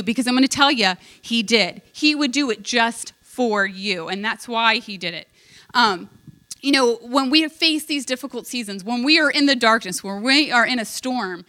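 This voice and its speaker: Earnest woman preacher, bright voice. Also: on the high side. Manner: heartfelt storytelling, earnest, emotional. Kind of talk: sermon.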